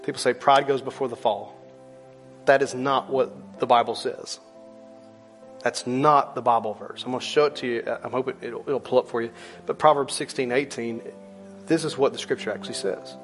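A middle-aged male pastor preaching a sermon in a church, emphatic and conversational, repeating lines and slowing down low on key words. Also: fairly even intonation, soft background music. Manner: rises loud for emphasis, drops low and slow on key words.

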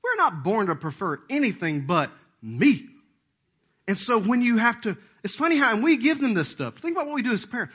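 A man's voice: very high-pitched, lively intonation, brisk, pushed and bright. A man, preaching a sermon as pastor in a folksy, joking way, often slipping into playful voices.

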